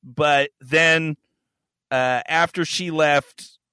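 A man's voice: a little high, steady tone, extremely slow, sharp tone, smooth, no room sound. A man hosting a podcast, telling a crude story in casual chat and acting out the voices and yelps. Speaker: podcast host.

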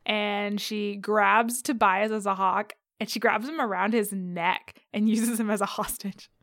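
A young woman chatting on a podcast, retelling a story in an animated, giggly way. Her sound is dry and close, with no room around it. She laughs often between lines. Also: mid-range voice, a little slow, dry recording. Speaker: podcast co-host recapping a book. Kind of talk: casual chat.

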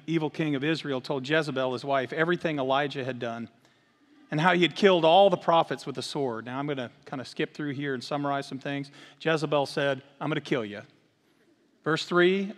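A middle-aged man, the lead minister, giving a sermon that mixes Bible reading with lively family stories. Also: fairly high pitch. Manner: animated when telling stories, earnest in prayer. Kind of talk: sermon with storytelling. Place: church sanctuary. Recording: long hall reverb.

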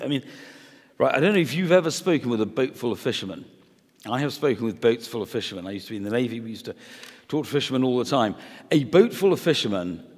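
Male preacher, mid-pitched, chatty and animated, hall reverb behind him. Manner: chatty and animated, with playful asides and restarts. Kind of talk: conversational sermon.

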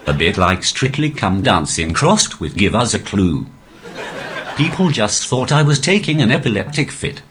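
A male stand-up comedian talking through a posh, robotic text-to-speech voice with a deadpan, even delivery. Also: fairly low pitch, a little hiss or hum. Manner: deadpan, evenly paced delivery. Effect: synthetic text-to-speech voice. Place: live comedy venue.

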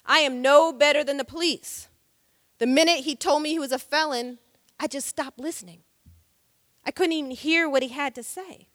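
A woman's voice: sits high, moderate pace, a bit bright, no room sound, studio quality, long reverb tail. A woman civil rights lawyer telling a story on stage, vivid and dramatic. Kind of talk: storytelling talk.

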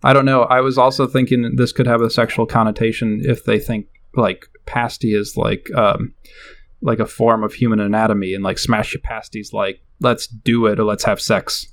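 A man's voice: lowish voice, level tone, normal speed. A man co-hosting a casual podcast, hesitant and filling his talk with likes and ums. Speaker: podcast co-host.

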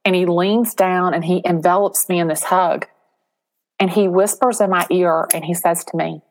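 A middle-aged woman, a real estate agent, telling a story as an interview guest, animated and acting out the voices of people in it. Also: on the low side, moderate pace.

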